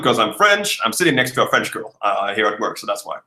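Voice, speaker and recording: Swedish dude from the south doing a livestream, bright voice, roomy echo, lots of uhs. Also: male voice, fairly low pitch, sing-song, brisk, hardly any pauses. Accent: southern Swedish, from Malmö. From Sweden. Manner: chatty, laughing, thinks aloud with many uhs. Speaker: livestream host. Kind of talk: casual live chat reading viewer comments.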